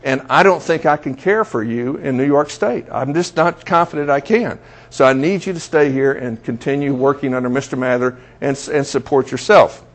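Man doing sorry dad talking soft, gentle and apologetic. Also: medium pitch, normal speed, lightly acted. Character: apologetic father gently explaining.

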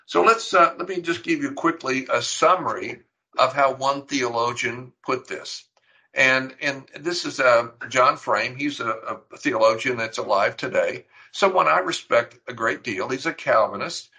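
A man's voice: mid-range voice, measured pace, bright, forceful tone, rough recording. A middle-aged man preaching a sermon, teaching earnestly and emphatically, with rhetorical questions. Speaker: pastor.

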